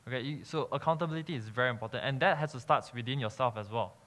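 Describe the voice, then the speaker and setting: A man's voice: mid-range voice, racing, fairly bright tone. A young man, an entrepreneur giving a conference talk and explaining step by step, checking in with "okay?" and "um" as he goes. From Malaysia. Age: young adult. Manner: peppers sentences with "okay?" and "um", explanatory.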